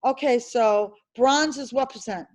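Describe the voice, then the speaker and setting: An insurance licensing instructor runs a classroom review in a high voice, brisk and insistent. Emphatic and animated, she fires quick questions at the students and hammers home the key points. The audio quality is poor.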